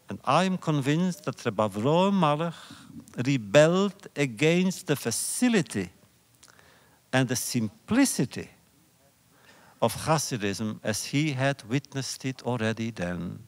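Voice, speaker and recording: Slow, measured male lecturer. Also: medium pitch, sing-song. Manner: measured and deliberate, with rhetorical repetition. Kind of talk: public lecture on religious history. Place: lecture hall.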